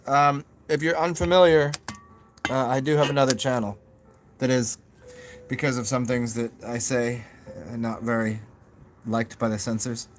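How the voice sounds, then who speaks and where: A man hosting his own channel, talking through thoughts in a loose live chat, halting with fillers and restarts and tossing in goofy self-mocking asides. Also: medium pitch, steady tone, slight background noise. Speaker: channel host. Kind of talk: rambling live chat with viewers.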